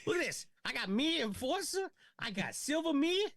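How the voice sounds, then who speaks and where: A man doing a loud Boston card player. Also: very high-pitched, big pitch swings, moderate pace, no echo, clean studio sound, pitched above the performer's own voice, full character voice. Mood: boasting. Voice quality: broad exaggerated Boston accent.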